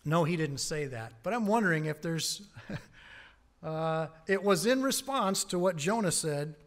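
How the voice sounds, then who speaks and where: A man's voice: on the high side, expressive, unhurried. A man preaching a sermon as pastor from a church pulpit, emphatic and often chuckling between points. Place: church sanctuary.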